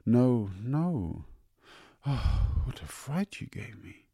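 Guy doing a posh amused mum, high swoopy voice, dismissive. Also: sing-song, measured pace, gravelly, a little mellow, husky, dry recording, studio quality, full character voice. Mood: airy. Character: breezy, amused upper-class mother, middle-aged.

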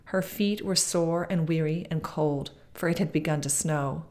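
A woman with a low voice reads a fairy tale aloud. Her narration is measured and expressive, a storyteller's steady pace. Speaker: podcast guest reading aloud.

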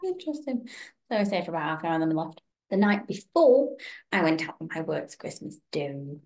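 A woman's voice: sits low, brisk. A young woman telling stories in casual chat on a podcast. She acts out the people she quotes. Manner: animated storytelling, acting out quoted voices. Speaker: podcast co-host.

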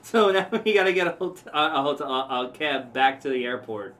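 Bright-voiced man telling a story. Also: mid-range voice, animated, brisk. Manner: rambling anecdote with fillers and profanity. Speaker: podcast host. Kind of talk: casual storytelling chat.

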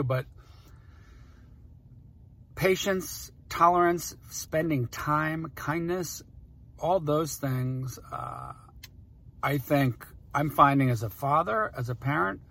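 A man's voice: medium pitch, a bit bright, breathy edge. A man in his forties rambling through personal stories in casual talk, emotional and often cutting himself off. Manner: rambling, emotional, self-interrupting.

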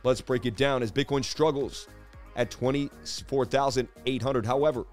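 Hyped crypto stream guy, medium voice, preachy, keeps saying baby, soft music behind. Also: medium pitch, fairly even intonation, moderate pace. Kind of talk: live market analysis chat.

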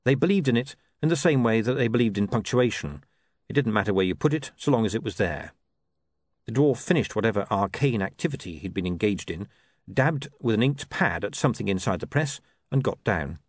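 A man reads a comic novel aloud as its narrator, telling it in a wry, dry style. His voice sits lowish, with lively intonation and a brisk pace. There's no room sound on the scripted recording.

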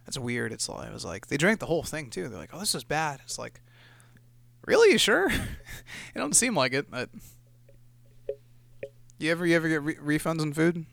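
A man's voice: fairly high pitch, very animated, normal speed, gravelly, pauses often, fairly bright tone, no echo. A young man co-hosting a podcast in casual chat, laid-back and joking with plenty of swearing. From California. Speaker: podcast co-host.

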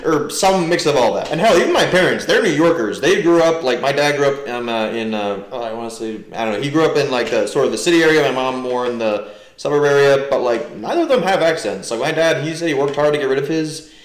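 A man's voice: medium pitch, fast talker. A young man from New Jersey, a podcast guest chatting casually and rambling with lots of fillers. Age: young adult. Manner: rambling, heavy "like" fillers, animated. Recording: roomy echo.

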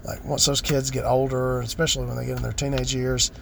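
A man's voice: mid-range voice, little pitch movement, fast talker, gravelly, slight background noise. A man giving a blunt, profane, exasperated rant in a casual vlog.

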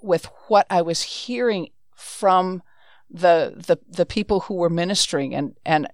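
A woman host of a faith show speaking in a slow, reflective, testimonial way. Her voice is low, and the sound is dry and close. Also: dry recording. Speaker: ministry president and host.

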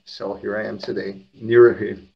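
A man co-hosting a podcast, speaking carefully and deliberately in simple phrases. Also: on the low side, little pitch movement, creaky. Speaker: podcast co-host. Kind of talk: reflective faith discussion. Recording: dull lo-fi audio.

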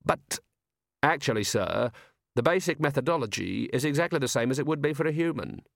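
A man voicing a young male assassin who is courteous, calm and soft-spoken. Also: mid-range voice, fairly quick, gravelly, no echo, studio quality. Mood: polite. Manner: soft-spoken, overly courteous, keeps saying sir.

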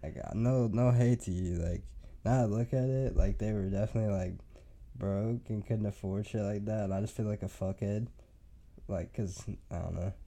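A man's voice: fairly low pitch, steady tone, moderate pace, dark tone. A young man telling a rambling, profane story on a podcast, laughing often. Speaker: podcast host. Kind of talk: casual storytelling.

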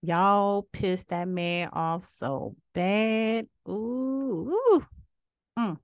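A woman in her thirties hosting a podcast, giving outspoken, sassy opinions in a casual way, with sudden jumps from low murmurs to high exclamations. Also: drawn-out words, smooth, dry recording. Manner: sassy, outspoken, preachy asides. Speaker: podcast host.

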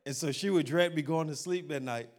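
A man pastor delivers a sermon in a fairly high voice. He talks in an animated, humorous way and speaks straight to his congregation. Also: fairly quick.

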